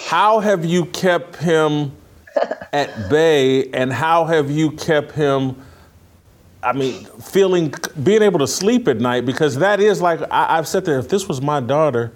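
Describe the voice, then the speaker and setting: A man hosting an interview, asking questions in an earnest, animated way. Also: fairly high pitch, measured pace. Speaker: podcast host. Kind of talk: conversational interview.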